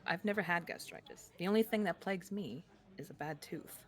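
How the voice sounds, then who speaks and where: Woman playing a cunning jewel swindler, poised, flattering, low voice. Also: fairly quick, natural voice.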